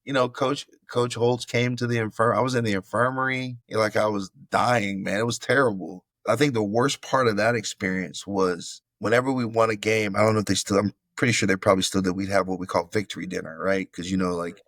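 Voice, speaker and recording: A middle-aged man from Florida tells a story over a video call in a low voice. He acts out what people said and keeps calling the host bro. The sound is dry and close. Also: fairly quick, few pauses, no echo. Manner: animated storyteller acting out quotes, calls host bro. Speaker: podcast guest, former football player. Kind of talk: casual storytelling interview.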